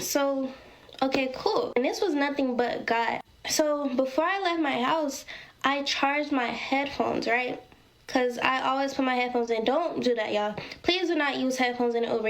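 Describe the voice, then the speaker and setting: A woman casually telling a personal story, dramatic and talking straight to her viewers. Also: sits high. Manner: dramatic, addresses viewers as y'all.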